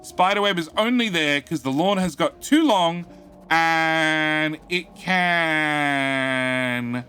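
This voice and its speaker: Male game streamer, casual rambling chat to viewers, fairly high and bright voice, offhand swearing. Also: extremely slow, soft background music. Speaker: gaming live streamer. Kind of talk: casual live-stream chat, reading chat aloud. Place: home studio.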